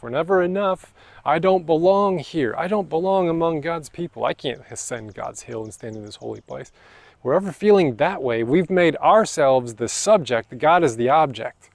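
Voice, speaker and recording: A man's voice: a little high, darkish tone, no room sound. A man preaching a sermon as pastor, in a casual, conversational way with slangy asides. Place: church.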